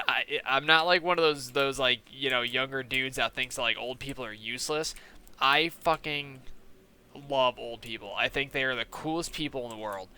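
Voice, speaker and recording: A young man and gaming channel host telling a story in casual, animated, profane style, full of fillers and quoted lines. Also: medium pitch, clean tone.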